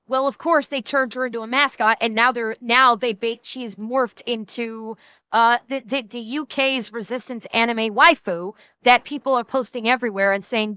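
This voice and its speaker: A high, bright woman streamer in lively, profane chat, rambling and often stumbling over herself. Her voice is clear and close in a dry room. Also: normal speed, no echo. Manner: animated, rambling, profane, self-correcting. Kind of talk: casual reaction-stream chat.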